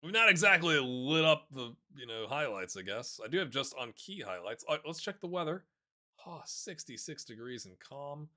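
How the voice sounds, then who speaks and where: A man commentates a football management game for his viewers, chatty and quick to get excited. His voice rides up and down with lively swings, and it sounds bright and a little forceful throughout. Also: mid-range voice. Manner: excitable, chatty, talks to viewers and players as lads. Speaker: gaming YouTuber. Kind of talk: casual let's-play commentary.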